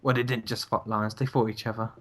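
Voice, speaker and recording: A young man co-hosts a casual podcast by voice call, musing aloud in a rambling, hesitant way through a computer mic. His voice is fairly low and a bit bright, with a level tone and a fast delivery.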